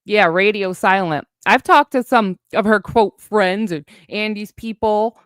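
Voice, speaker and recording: A woman's voice: mid-range voice, a little slow, clean tone, no room sound, studio quality. A woman in a heated, profane livestream rant, sarcastic as she calls out her online critics. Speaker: streamer addressing online critics.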